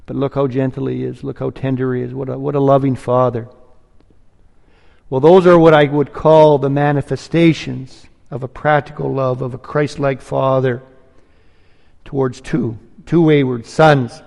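A man's voice: medium pitch, flat delivery, moderate pace, creaky, darkish tone, in a large hall. A man preaching a sermon, earnest and pleading, rising to emphatic peaks.

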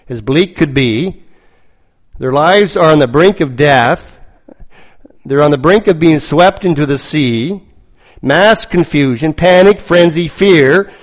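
A man preaching a sermon, telling a story slowly and dramatically, with lots of repetition. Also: fairly high pitch, low-quality recording.

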